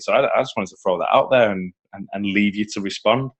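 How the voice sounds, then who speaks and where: Male host, relaxed, loose questions with ums and restarts. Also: fairly low pitch, fast, hardly any pauses, husky. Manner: easygoing, rambling questions with fillers. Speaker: host of the training call. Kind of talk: casual interview questions.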